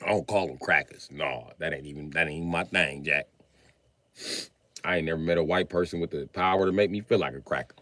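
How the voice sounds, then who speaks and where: A man talking casually on a live stream in a profane, animated way, breaking into laughs between remarks. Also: extremely low pitch, brisk, no echo.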